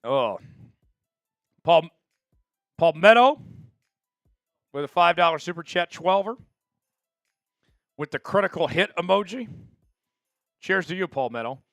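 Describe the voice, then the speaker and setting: A man's voice: a little high, unhurried, pauses often, no echo, soft background music. A man hosting a live draft stream, chatting casually with viewers and hyping each pick. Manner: chatty, excitable, hypes viewers for likes.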